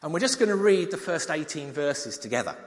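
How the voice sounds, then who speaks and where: A man preaching, telling a story with props and then reading a psalm, animated and at times dropping soft. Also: a little high, a little fast. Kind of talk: children's talk and Bible reading. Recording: long hall reverb.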